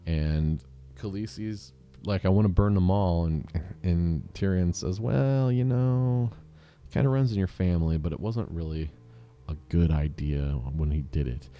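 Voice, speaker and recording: A show host casually recaps television episodes in a low voice at a measured pace, rambling, joking, and doing mock quoted voices while often restarting his sentences. The audio has its highs cut off, with faint music behind him.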